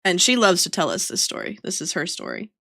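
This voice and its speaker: Casually drawing on a stream, a young woman from Georgia with a light Southern accent tells rambling family stories between giggles. Her lowish, creaky voice is pushed and bright, fairly quick, with huge pitch swings.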